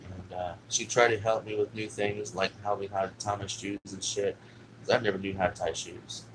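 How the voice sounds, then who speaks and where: A man's voice: lowish voice, flat delivery, normal speed, background noise. A man telling a long personal story in a casual, rambling way, swearing constantly and leaning on fillers. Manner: rambling and heavily profane, with lots of fillers. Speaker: vlogger.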